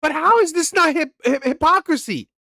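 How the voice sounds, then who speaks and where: A man's voice: very high-pitched, lively intonation, moderate pace, vocal fry, sharp tone, no room sound, clean studio sound. A man hosting a reaction channel, talking casually in a rambling way, repeating words and asking "right?" often.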